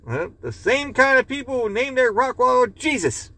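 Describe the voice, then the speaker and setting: A man reading out a deadpan wisecracking parrot. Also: extremely high pitch, normal speed, voice pushed up, exaggerated voice. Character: wisecracking male pet parrot.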